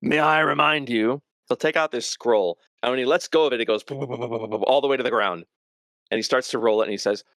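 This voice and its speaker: A man narrating a tabletop role-playing game as game master, in a dramatic, measured way. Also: medium pitch, a bit bright, no room sound, studio quality.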